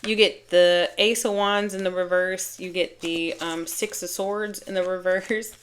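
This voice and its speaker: Woman tarot reader, low-ish voice, chatty and giggly, rambling and casual. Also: level tone, a little slow. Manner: chatty, laughing, self-interrupting. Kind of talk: casual tarot reading to camera.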